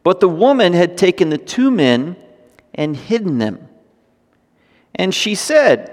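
A man preaching a sermon, reading scripture and breaking into animated, joking asides. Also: high voice, slow, long pauses. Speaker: pastor. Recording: long hall reverb.

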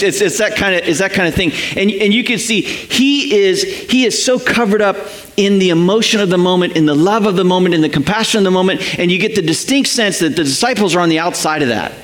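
A high-pitched pastor preaches quickly, barely pausing. Animated in his storytelling, he acts out each quoted person's voice.

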